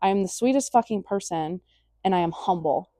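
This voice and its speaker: Young woman vlogger, casual rant, blunt, emphatic, heavy swearing; mellow tone, dry close recording. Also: medium pitch, expressive, a little fast, no echo.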